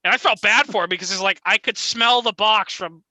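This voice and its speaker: A man's voice: high voice, brisk, pushed and bright, no echo, poor audio. A man telling a story in a chatty way during a casual group chat.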